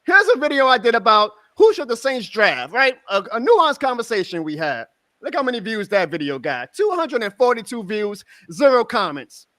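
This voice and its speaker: Emphatic high-voiced man ranting on sports. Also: very animated, moderate pace, dry recording. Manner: emphatic, sarcastic, swings between loud outbursts and low muttering. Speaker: sports show host. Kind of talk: ranting sports talk stream.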